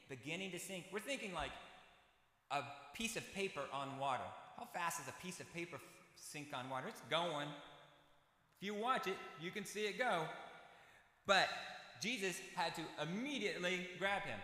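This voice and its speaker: A man's voice: sits high, animated, normal speed, pushed and bright. A man preaching a sermon in a conversational, self-deprecating way, putting questions to his congregation. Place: church sanctuary. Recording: echoey church hall.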